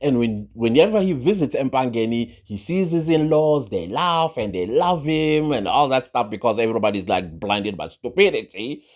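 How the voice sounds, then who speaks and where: A man rants through a gossip commentary, full of sarcasm and rhetorical questions. His mid-pitched voice swings widely up and down as he talks. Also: animated, normal speed, few pauses. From South Africa. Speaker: social commentary vlogger.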